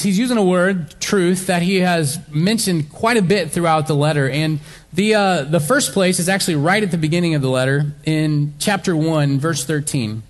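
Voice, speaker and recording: A man's voice: a little high, big-room sound. A male pastor preaching a sermon in a conversational way, with some fillers and restarts as he works through a Bible passage.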